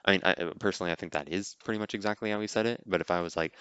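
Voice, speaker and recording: A man's voice: sits low, racing, a bit bright, smooth, dry recording, muffled recording. A man hosting a podcast, giving a casual, rambling reaction commentary on a movie, with lots of "like" and "you know.". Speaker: podcast host.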